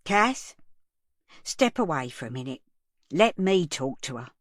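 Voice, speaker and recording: A woman narrator voicing a hot-tempered middle-aged man who runs a cafe, speaking gruffly and barking. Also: sits low, big pitch swings, unhurried, no echo, studio quality, heavily acted. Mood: curt.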